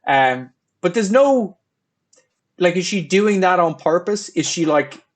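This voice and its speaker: A man hosting a casual film review podcast, talking in an animated way. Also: high voice, a little slow. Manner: animated, acts out scenes. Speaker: podcast host.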